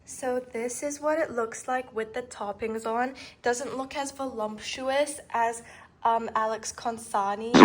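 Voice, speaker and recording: Young female vlogger, slightly high, chatty and tired, casual kitchen narration. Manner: chatty, talks to viewers while cooking and eating. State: sleep deprived, slurring slightly. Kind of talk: casual cooking vlog narration.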